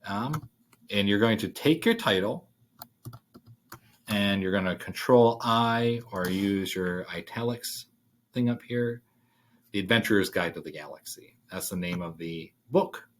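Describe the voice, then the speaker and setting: A male writing instructor talks through a worksheet in a relaxed, thinking-aloud way, with plenty of fillers along the way. His voice sits on the low side. Keyboard typing can be heard behind him. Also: measured pace, slight background noise. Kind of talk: screen-share worksheet walkthrough.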